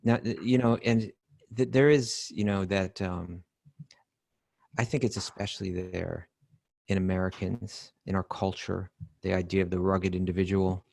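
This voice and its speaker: A man's voice: sits low, steady tone, moderate pace, creaky, darkish tone, no echo. A man co-hosting a podcast, talking in a hesitant, reflective way with many fillers. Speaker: podcast co-host. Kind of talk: casual chat.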